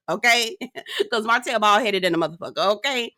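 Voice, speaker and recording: A woman's voice: medium pitch, a little fast, dry recording, clean studio sound. A woman hosting a casual reality TV recap, telling it in an outspoken, sassy, profane and gossipy way. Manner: animated, gossipy storytelling. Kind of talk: casual commentary.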